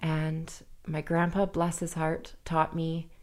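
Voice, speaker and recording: A woman in her thirties, a podcast guest telling an emotional personal story in an earnest, halting way with nervous laughs. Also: low voice, completely flat delivery.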